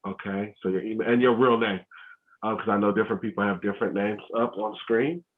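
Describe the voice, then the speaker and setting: Over thin, phone-quality video call audio, a man runs a school family workshop, talking loosely and repeatedly backtracking with ums. His voice is on the low side and even in tone, moving a little fast.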